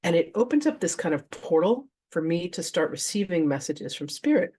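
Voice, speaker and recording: A woman's voice: lowish voice, very animated, normal speed, mellow, breathy edge. A woman who works as a spiritual teacher, telling a personal story to a live audience in a chatty, casual way and acting out her own past reactions. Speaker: spiritual teacher and trance channel.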